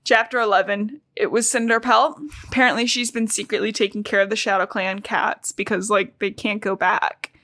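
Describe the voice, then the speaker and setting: A young woman co-hosting a podcast, recapping a book in a casual, chatty way with lots of "like" and quick jokey asides. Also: mid-range voice, steady tone, sharp tone, dry recording. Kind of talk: casual chat.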